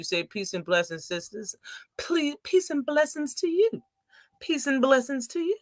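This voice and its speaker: A woman's voice: mid-range voice, pushed and bright, no room sound, studio quality. A woman hosting a casual post-fight livestream, talking animatedly and profanely and mocking people with impressions. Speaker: boxing live-stream host.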